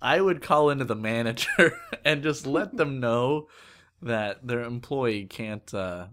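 A man's voice: medium pitch, animated, a little slow, a bit bright. A man with an ordinary mid-range voice banters on a podcast. He teases, jokes and lets sentences trail off with a laugh. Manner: teasing, joking, trailing off. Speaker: podcast co-host. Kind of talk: casual podcast chat.

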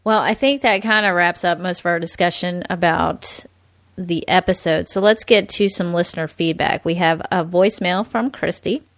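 A woman's voice: on the low side, normal speed, no room sound. A woman co-hosting a podcast in casual chat, laughing often and using lots of likes and ums. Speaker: podcast co-host.

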